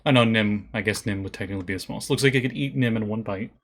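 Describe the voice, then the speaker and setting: A man narrating a tabletop game as game master, relaxed and chatty. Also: lowish voice, very fast, a little hiss or hum.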